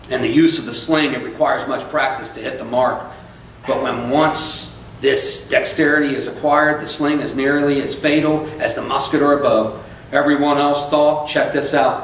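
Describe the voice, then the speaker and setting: A man preaching with fervent energy, urging his listeners on and slipping into casual asides. His voice sits somewhat high for a man. It carries through a very echoey church, picked up from far off with faint room ambience. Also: a bit bright, a little hiss or hum. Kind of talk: sermon. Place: church sanctuary.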